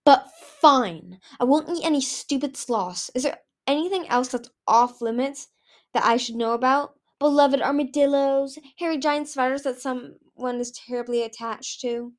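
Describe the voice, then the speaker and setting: A woman's voice: sits high, normal speed, pitched above the performer's own voice, lightly acted. A woman doing Winter, a haughty ice dragon. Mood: scornful. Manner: scornful, snapping. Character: haughty proud young male ice dragon.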